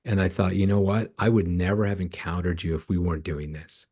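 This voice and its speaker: A man's voice: low voice, a little fast, a little mellow, slightly rough. A middle-aged man from Canada, a ministry founder and podcast guest, telling stories in an earnest, emotional way and acting out the dialogue. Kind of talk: storytelling in a podcast interview.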